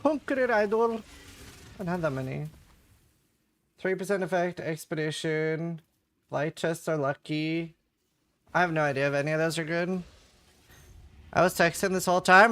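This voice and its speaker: Bright-voiced man chatting on stream. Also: a little high, normal speed, pauses often. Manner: chatty, jokey, reads and answers chat aloud. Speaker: game streamer. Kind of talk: casual chat with live viewers while gaming.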